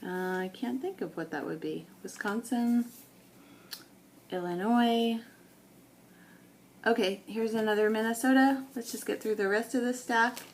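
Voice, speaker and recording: A woman's voice: fairly high pitch, a little hiss or hum. A woman from New England who makes scrapbooking videos, talking casually and thinking aloud as she sorts old photos. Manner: thinking aloud, unhurried, with many ums. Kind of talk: casual talk while sorting photos.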